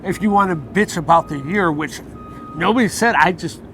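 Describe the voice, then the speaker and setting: A man with a somewhat high voice tells his story outdoors in a heated, profane rush. He acts out what others said to him, and busy city street noise carries clearly behind him. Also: moderate pace, fairly bright tone. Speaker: interviewee. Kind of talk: casual street interview.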